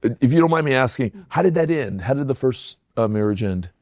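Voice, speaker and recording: A man's voice: mid-range voice, lively intonation, brisk, darkish tone, dry recording, studio quality. A man hosting a podcast interview, asking curious follow-up questions and giving short affirmations. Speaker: podcast host. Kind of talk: conversational interview.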